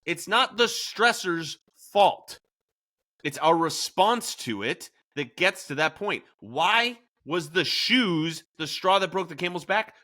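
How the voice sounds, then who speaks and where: A man's voice: fairly high pitch, animated, measured pace, hardly any pauses, sharp tone. A man hosting a podcast in a casual discussion, telling stories with animation and acting out quoted lines. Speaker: podcast host.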